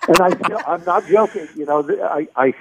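A man's voice: fairly high pitch, normal speed, heavy background noise. A middle-aged man from Kansas City, a voice actor, telling a rambling story on a phone call, full of restarts and fillers. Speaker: voice actor guest. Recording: tinny phone line, dry.

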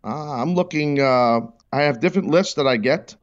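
A man hosts a sports call-in show in a brash, mock-indignant style. His voice sits a little high. The sound is somewhat muffled and lo-fi. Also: moderate pace. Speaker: host. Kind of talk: sports talk radio call-in.

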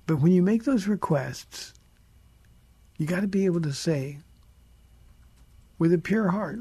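A male pastor hosting a radio call-in show, answering listeners with earnest, preacherly emphasis. His voice is gravelly and a little husky, with a mellow, darkish tone. The studio sound is dry and close. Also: fairly high pitch, moderate pace, pauses often, no room sound. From United States. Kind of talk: radio call-in Bible teaching.

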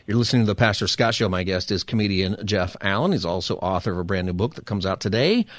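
A man's voice: deep voice, expressive, fast, no room sound. A man hosting a radio talk show and interviewing his guest with short, attentive affirmations. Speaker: radio show host and pastor.

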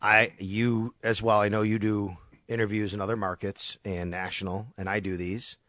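A man talking sports on the radio in an animated, storytelling way, acting out quotes as he goes. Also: on the low side, moderate pace, no room sound. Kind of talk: casual sports radio chat.

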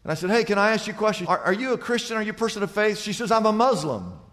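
A man preaching a sermon as pastor, telling stories and dropping from loud to hushed. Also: high voice, rapid-fire. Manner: storytelling, swings from loud to hushed. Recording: long hall reverb.

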